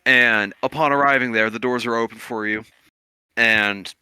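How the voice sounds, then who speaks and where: A man's voice: mid-range voice, fairly even intonation, normal speed, pushed and bright, smooth, no echo. A man narrating a tabletop game as game master, in a loose, searching way full of "like" and "kinda".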